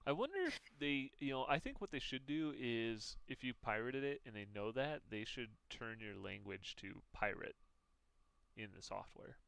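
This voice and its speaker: Male podcast co-host, smooth and dry, hesitant think-aloud chatter. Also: medium pitch, animated, moderate pace, fairly bright tone, no room sound. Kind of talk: casual chat.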